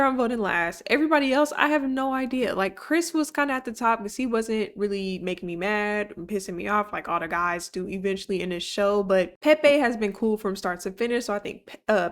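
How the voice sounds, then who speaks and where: A young woman casually recapping a reality show for her channel, animated and chatty, laughing often and swearing freely. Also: mid-range voice. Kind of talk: casual commentary.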